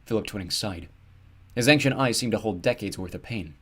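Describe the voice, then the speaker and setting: Low-voiced male audiobook narrator. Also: breathy edge. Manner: steady, measured storytelling.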